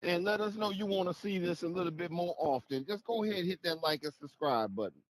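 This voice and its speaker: A man's voice: sits high, fast talker. A man co-hosting a livestream in an easygoing way, reminding viewers to subscribe. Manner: easygoing, plugs subscribe and merch. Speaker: co-host. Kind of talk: casual livestream chat.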